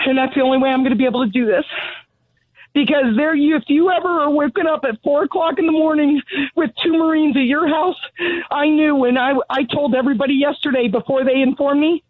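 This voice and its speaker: A breathless middle-aged woman phones in, blunt and sarcastic, her anger raw. Her high voice comes through thin and tinny, as on a telephone line. The sound is dry and close, with no room around it. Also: brisk, dry recording. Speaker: caller. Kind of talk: call-in radio rant.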